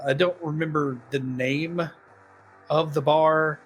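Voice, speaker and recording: Husky-voiced man recapping a movie. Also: fairly high pitch, fairly even intonation, slow, soft background music. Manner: rambling retelling with frequent ums and laughs. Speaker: podcast co-host. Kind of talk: casual film-review chat.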